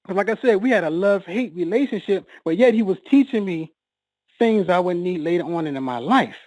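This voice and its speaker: A man telling an emotional personal story, halting and repeating words, his voice rising as he relives a moment of panic. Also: high-pitched, expressive, a little mellow, dry recording, low-quality recording.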